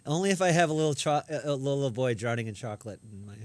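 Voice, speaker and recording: A man's voice: medium pitch, animated, racing, slight background noise. A man co-hosting a casual livestream, playful and giggly, with crude jokes. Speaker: stream co-host. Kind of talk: casual chat.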